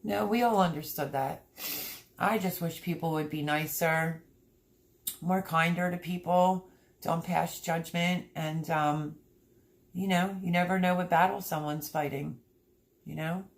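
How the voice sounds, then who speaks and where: A middle-aged woman with a low voice and a gravelly edge hosts her homestead livestream. She reads her viewers' comments aloud and answers them in a chatty, heartfelt way from home. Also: fairly even intonation, a little slow. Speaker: homesteading channel host reading live chat. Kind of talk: casual livestream chat. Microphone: streaming setup.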